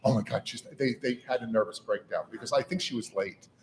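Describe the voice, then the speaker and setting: A middle-aged man speaks to a gathered audience in a relaxed, conversational way. His delivery is folksy, with repeated words and a steady stream of "you know"s. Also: medium pitch, quick pace, a little hiss or hum. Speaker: national auxiliary leader giving a speech. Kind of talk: informal speech to a gathering. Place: meeting room with an audience.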